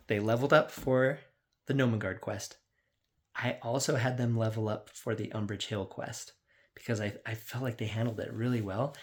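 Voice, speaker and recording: A man who runs a tabletop game as dungeon master, casually recapping his sessions in a rambling way, full of "like.". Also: medium pitch. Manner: rambling, lots of "like", acts out quotes.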